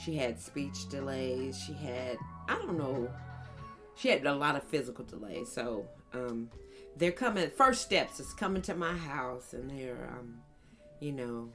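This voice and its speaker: A woman's voice: a little slow, music in the background. A woman casually telling funny stories about her young children on a podcast, acting out their lines. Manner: animated storyteller who mimics her children in a high voice. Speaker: podcast co-host, sister. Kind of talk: casual family storytelling.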